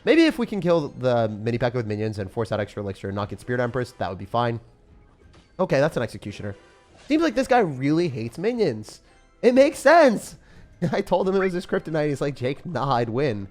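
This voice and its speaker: A young man giving excitable, jokey commentary over his own gameplay, swinging from loud hype to low mutters. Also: fairly quick, soft background music. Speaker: gaming commentator.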